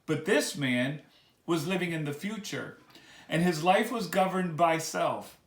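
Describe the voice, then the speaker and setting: Male pastor with a somewhat high voice, earnest and exhorting, recorded in an echoey room. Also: lively intonation, a bit bright. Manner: earnest, repetitive exhortation, slowing on key words. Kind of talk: sermon reflection.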